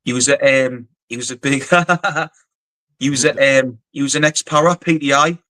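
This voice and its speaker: A man's voice: medium pitch, normal speed, pushed and bright, no room sound, poor audio. Blunt, sweary Geordie man telling stories. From North East England. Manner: blunt, swears freely, rambling with many fillers. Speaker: guest, former soldier and boxer. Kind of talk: casual storytelling interview.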